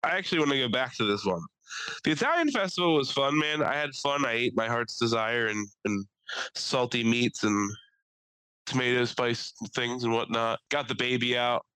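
A young man with a Philly accent tells crude stories on a podcast, his voice bright and swinging up and down with energy. He breaks into put-on voices when he quotes people. The sound is dry and close. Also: medium pitch, animated, moderate pace, smooth, no echo, poor audio. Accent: Philadelphia. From Philadelphia. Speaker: podcast co-host. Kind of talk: casual chat.

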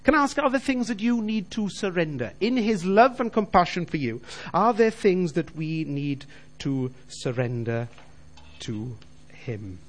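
Middle-aged man, slightly high voice, earnest testimony speaker addressing the congregation directly. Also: lively intonation, unhurried. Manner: earnest storytelling, direct appeals to listeners. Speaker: Christian businessman giving testimony. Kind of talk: personal faith testimony.

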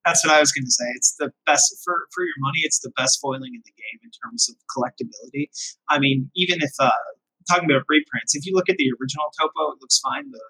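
A man chatting as a guest in a quick, friendly way. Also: mid-range voice, pushed and bright, breathy edge, no room sound, rough recording. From Canada. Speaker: podcast guest. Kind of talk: casual chat.

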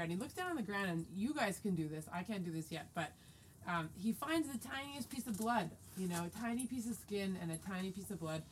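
A woman in her forties telling a story casually and lively, acting out quoted dialogue. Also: mid-range voice, brisk, a little hiss or hum. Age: 40s. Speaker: guest telling a hunting story.

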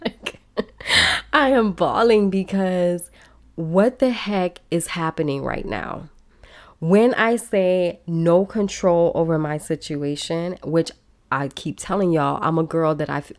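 Low-voiced woman telling her story. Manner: casual and chatty, addresses listeners directly. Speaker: podcast host. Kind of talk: personal storytelling.

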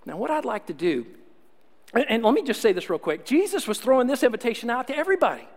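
A man preaching a sermon as pastor, earnest, slowing and dropping to a near whisper when he reads scripture. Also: extremely high pitch, big pitch swings, big-room sound.

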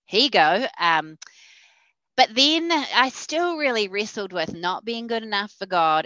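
New Zealand woman, low crisp voice, lively storyteller, dry muffled sound. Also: dry recording. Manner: lively storyteller, acts out quoted speech. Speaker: guest. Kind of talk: telling a personal faith story.

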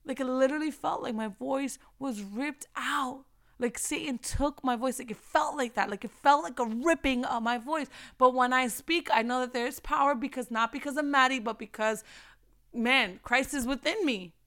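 A woman's voice: sits high, moderate pace, a bit bright. A young woman giving a passionate faith-based motivational talk, preaching and repeating phrases for emphasis. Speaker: faith vlogger.

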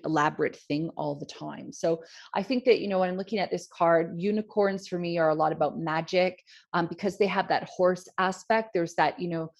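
A woman, co-hosting a spiritual podcast, reflective and gentle, with many "you know" fillers. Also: on the low side. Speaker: podcast co-host, card reader. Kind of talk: casual spiritual chat.

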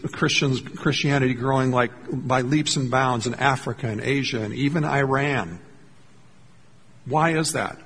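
A man preaching a sermon as pastor, telling a story earnestly and slowing down to stress key lines. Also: mid-range voice, creaky, a bit bright, big-room sound, a little hiss or hum. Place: church sanctuary.

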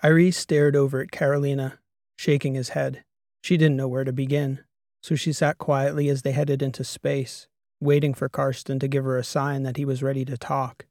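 Gravelly male audiobook narrator. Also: medium pitch, flat delivery, normal speed, a little mellow, no room sound, clean studio sound. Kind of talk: scripted narration.

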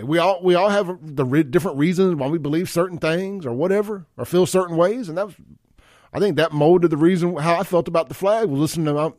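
A man's voice: fairly high pitch, a little mellow, dry recording, studio quality. A man hosting a radio talk show, rambling in a folksy way with frequent restarts. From Mississippi. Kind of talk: casual talk radio monologue. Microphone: studio microphone.

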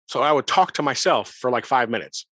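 A man with a middle-pitched voice talks casually and dryly, close to the mic. He jokes and banters with his friends about playing characters at the table. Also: expressive, a little fast, a bit bright, no room sound. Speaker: player. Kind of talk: casual podcast chat.

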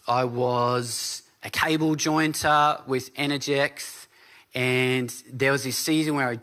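A man's voice: mid-range voice, fairly bright tone. A man preaching a sermon as pastor, telling a story in a casual way and often checking in with his listeners. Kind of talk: conversational sermon.

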